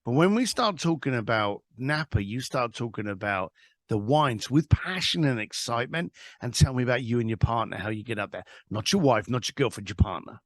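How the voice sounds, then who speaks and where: Lively man telling a story. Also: medium pitch, a little fast, dry recording, studio quality. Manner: animated anecdote teller, acts out both sides of phone calls. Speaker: guest, author. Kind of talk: storytelling interview.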